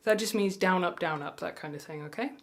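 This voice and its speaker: A woman teaching mandolin, patient and reassuring, counting beats aloud slowly. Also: lowish voice. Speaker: music tutor. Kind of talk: mandolin lesson. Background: mandolin playing.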